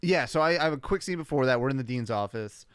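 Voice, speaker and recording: A man with a crisp, resonant voice explains things quickly and easily in a podcast chat. The sound is dry and close, with no room around it. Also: medium pitch, animated, dry recording. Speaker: podcast co-host. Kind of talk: casual chat.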